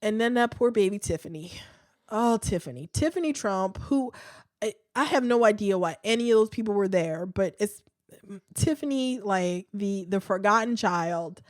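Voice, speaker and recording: A woman's voice: medium pitch, expressive, moderate pace, no room sound, studio quality. A woman hosting a podcast, talking in a chatty, candid way with many fillers, sighs and restarts. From United States. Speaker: podcast host. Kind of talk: casual podcast commentary.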